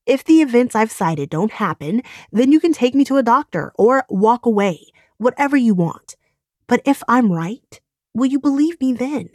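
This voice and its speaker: A woman voicing an earnest young woman pleading with a friend, emphatic and raised a little in pitch. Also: animated, normal speed, darkish tone, dry recording, studio quality, natural voice.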